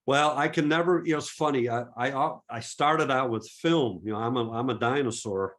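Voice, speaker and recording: A middle-aged man from Massachusetts with no regional accent and a medium-pitched voice. He answers audience questions in an easygoing, chatty way. He often stops and restarts his sentences and leans on fillers. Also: moderate pace, fairly bright tone. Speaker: photography presenter. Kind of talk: webinar Q&A.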